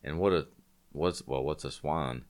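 A man with an extremely deep, smooth, resonant voice talks in a loose, rambling way, often circling back to restart a thought. He sounds congested. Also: unhurried. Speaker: podcast co-host. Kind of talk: casual chat.

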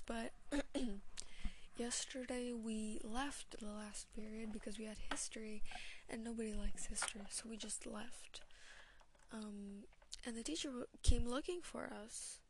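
A woman's voice: fairly high pitch, fairly even intonation, unhurried, background noise. A young woman telling a school story in a casual, chatty way, swearing often and sometimes dropping into a whisper. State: voice feels off today. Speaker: student vlogger.

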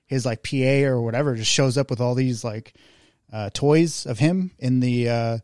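A man's voice: mid-range voice, moderate pace, a little mellow, no room sound, clean studio sound. A young man co-hosting a podcast, telling a rambling, profane story in casual chat and searching for names. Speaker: podcast co-host.

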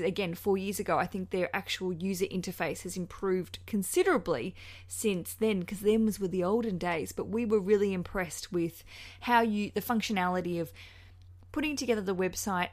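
A woman with a New Zealand accent hosting a podcast, chatty, gushing and frankly cheeky as she gives advice. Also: medium pitch. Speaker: podcast host. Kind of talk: casual podcast chat.

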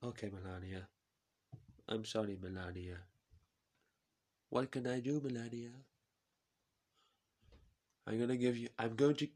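A man doing a comic impression of a boastful, bumbling older male politician who talks loudly and stammers. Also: mid-range voice, steady tone, unhurried, long pauses, close to an everyday voice. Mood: pleading. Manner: loud, stammering, whiny.

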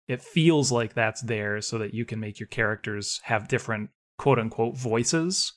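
A man's voice: on the low side, moderate pace, a bit bright. A man co-hosting a podcast, chatting casually and ranting with animation about writing, laughing often. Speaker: podcast co-host.

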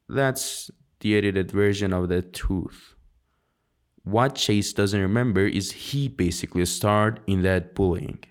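A man reading a novel aloud in an amateur audiobook, halting with frequent slips and restarts. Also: low voice. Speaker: audiobook reader.

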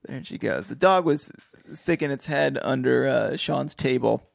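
Podcast guy reading a book out loud, gravelly, laughs a lot, super dry close mic. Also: medium pitch, a little slow, no echo. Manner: animated, laughs often. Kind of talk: casual podcast reading and chat.

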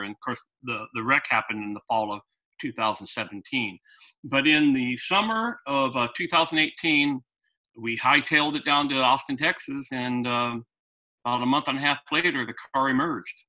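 A man who is a guest in an interview, telling an animated anecdote and often restarting his sentences. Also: medium pitch, moderate pace, low-quality recording. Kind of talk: storytelling in conversation.

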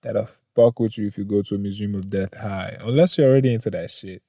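A man's voice: on the low side, fast talker, mellow, no echo, studio quality. Laid-back swearing male podcast host. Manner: laid-back and swearing, laughs often, rambles off topic. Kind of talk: casual news chat.

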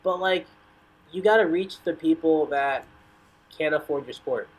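A man's voice: fairly high pitch, a little slow, husky, rough recording. A man talking casually as a guest on a soccer podcast, telling rambling stories full of "like" and "you know". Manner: rambling storyteller, lots of "like".

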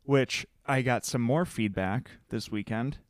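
Loud, matter-of-fact man on a podcast. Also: medium pitch, a little slow, no echo, studio quality. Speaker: podcast co-host. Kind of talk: casual chat.

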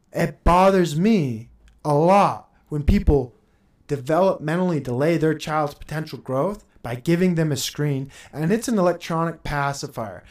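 A man in his thirties hosting a podcast, ranting in a heated, profane and sarcastic monologue, laughing between points. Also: fairly high pitch. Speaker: podcast host.

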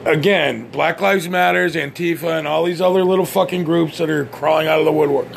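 Ranting on his podcast, a blunt, foul-mouthed American man airs strong opinions while frequently stammering and starting over. He speaks fairly quickly in a fairly high, gravelly voice over slight background noise.

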